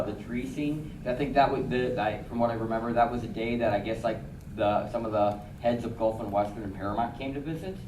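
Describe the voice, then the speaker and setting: A man's voice: mid-range voice, background noise. A man in the audience asking a long question, stumbling and restarting often. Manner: halting with many restarts. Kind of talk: casual question. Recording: echoey hall from far off.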